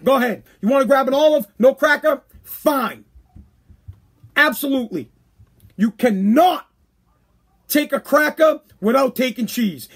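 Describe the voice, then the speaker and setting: Animated man as a podcast host, a bit husky, high-pitched, ranting. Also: unhurried, long pauses. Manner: animated, emphatic, slangy. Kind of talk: casual rant to a live stream audience.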